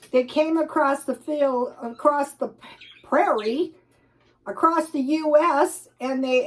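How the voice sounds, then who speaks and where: Chatty, rambling woman vlogger. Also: high voice. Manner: chatty, rambling, laughs often. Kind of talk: casual chat showing old photos.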